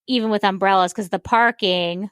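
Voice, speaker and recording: A woman's voice: medium pitch, steady tone, normal speed, a bit bright, smooth, no echo, clean studio sound. A woman co-hosting a podcast, telling a story in casual chat with lots of filler words. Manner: rambling storyteller, many "like" fillers. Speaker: podcast co-host.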